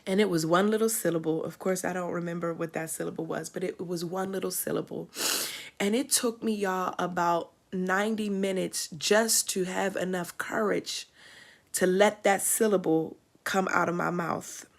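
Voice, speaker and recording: Middle-aged woman host, gravelly, reflective storyteller, swells to testimony. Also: on the low side, fairly even intonation, normal speed. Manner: reflective, rising to emphatic testimony. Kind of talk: personal storytelling on a livestream.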